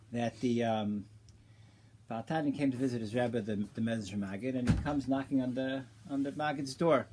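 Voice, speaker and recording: A man of medium pitch teaches Torah informally, and a little hiss or hum sits under the audio. He tells his story in a halting, casual way with many restarts, sprinkling Hebrew and Yiddish terms and warming up as he makes his point.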